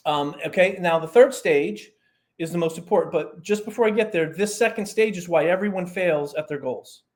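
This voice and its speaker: A man in casual podcast talk, telling a story with a lively, rising and falling voice. His pitch sits a little high for a man, and he breaks up his explanations with quick asides. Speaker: performance coach guest.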